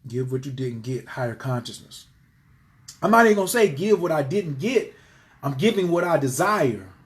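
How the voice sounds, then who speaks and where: A man chats live with his viewers in a somewhat high voice. He preaches with animated swings, swearing freely and jumping from loud outbursts to quiet, breathy murmurs. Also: moderate pace. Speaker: livestream host. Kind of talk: casual live-stream talk to viewers.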